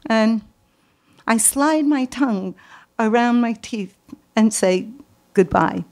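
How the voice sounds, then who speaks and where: Woman, New York accent, live storyteller, slow and deliberate, higher voice, dramatic repetitions. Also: darkish tone. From Brooklyn, New York.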